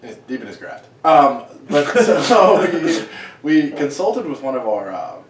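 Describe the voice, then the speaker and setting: A man's voice: fairly high pitch, big pitch swings, unhurried. A young man co-hosting a podcast, chatting casually with friends and laughing often. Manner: laughing, loose, jokey banter. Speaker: podcast co-host. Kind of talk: casual chat among friends. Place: room in a shared house. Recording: echoey room, mic at a distance, faint hiss.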